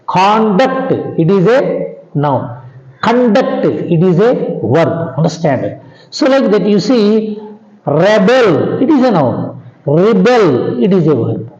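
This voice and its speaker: A man with an Indian English accent gives a patient classroom lecture in a high, mellow voice. He talks slowly, repeats his points, and keeps checking that his students understand. The sound is echoey and dull, like a lo-fi recording in a bare room. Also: sing-song. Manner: slow and repetitive, checks in with "understand?"; drops pitch at the ends of sentences. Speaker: English grammar teacher.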